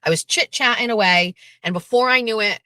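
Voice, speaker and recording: A woman hosting a show, telling a story in a casual, animated monologue, blunt and swearing freely as she acts out what people said. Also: on the high side, fairly quick, no room sound. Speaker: show host.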